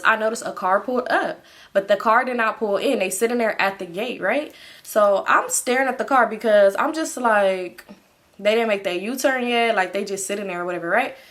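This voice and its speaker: A woman's voice: mid-range voice, fairly bright tone. A young woman telling a storytime vlog in a casual, slangy way, swearing freely and talking straight to her viewers. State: sleepy. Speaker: storytime vlogger.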